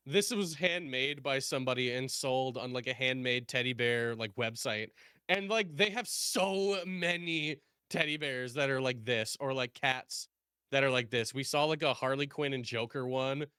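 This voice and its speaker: A man chats on a call in an animated way, laughing often and slipping into put-on voices. His voice is bright and forceful, with smooth, crisp clarity. The sound is dry and close. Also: medium pitch, normal speed, no echo. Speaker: guest streamer. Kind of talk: casual chat.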